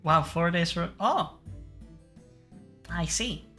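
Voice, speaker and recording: A woman calmly handing out roles in a group game reading. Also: lowish voice, takes it slowly, over music. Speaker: organizer assigning roles.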